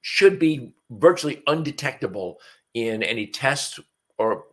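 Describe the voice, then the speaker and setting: A man's voice: medium pitch, lively intonation, measured pace. A man in his seventies hosting a live stream, talking in an earnest, folksy way with fillers and restarts, a bit sniffly from allergies. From North Carolina. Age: 70s. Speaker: host. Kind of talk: casual talk on a live stream. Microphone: webcam live stream.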